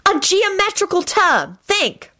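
A woman's voice: high-pitched, sing-song, normal speed, bright, forceful tone, pitched above the performer's own voice, exaggerated voice. A woman reading aloud voices a clever young witch who gets insistent and exasperated. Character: clever young witch, fond but quick to scold.

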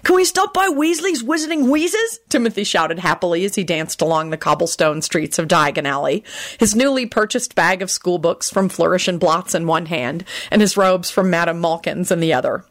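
A woman narrating a fan-fiction story aloud with expressive storytelling. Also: fairly low pitch, moderate pace. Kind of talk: fan-fiction audiobook reading.

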